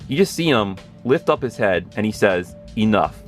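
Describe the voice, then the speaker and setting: A man in his thirties gushing through a casual episode recap, rambling and correcting himself as he gets excited. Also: fairly low pitch, moderate pace, soft background music. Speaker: pop culture video host.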